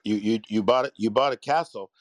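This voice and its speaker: A man's voice: on the low side, fairly quick, no room sound, clean studio sound. A man chatting in an online audio room, enthusiastic and full of praise for the others.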